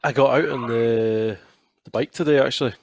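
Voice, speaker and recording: A man's voice: mid-range voice, moderate pace, dry recording, studio quality. Easygoing self-mocking male co-host. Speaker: podcast co-host. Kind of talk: casual podcast chat.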